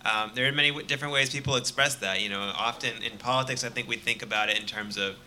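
A man's voice: mid-range voice, steady tone, fast talker, sharp tone, slight background noise. A man, a journalist guest on a live panel, speaking thoughtfully with plenty of fillers. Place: live show stage.

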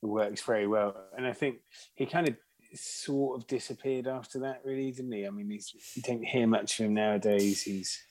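A man's voice: on the low side, steady tone, moderate pace, darkish tone. A man co-hosting a podcast, chatting casually about music in a rambling, hesitant way. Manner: rambling, hesitant, lots of fillers. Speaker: podcast co-host.

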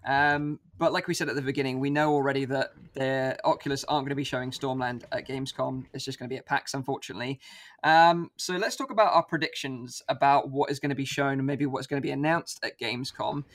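A man hosting a casual panel chat, relaxed and chatty with many fillers. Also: medium pitch, quick pace. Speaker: podcast host.

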